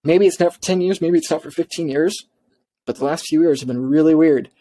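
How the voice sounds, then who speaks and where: رجل متحمس يتحدث بإصرار وتكرار. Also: male voice, fairly high pitch, warm tone. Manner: emphatic, repeats himself, quick restarts. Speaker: bitcoin adviser. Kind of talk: impassioned monologue.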